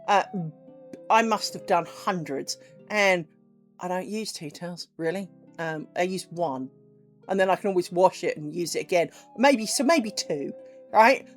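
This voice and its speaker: A middle-aged woman, chatting casually with viewers during a crafts stream, animated and profane, acting out little conversations. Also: on the low side. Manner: chatty and animated, swears freely, acts out little dialogues. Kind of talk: casual chat with live viewers while crafting.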